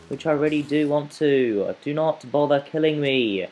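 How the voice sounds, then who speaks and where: A young man giving let's play commentary, frustrated, swinging between muttering and yelling at the game. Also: on the high side, moderate pace, hardly any pauses. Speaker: gamer.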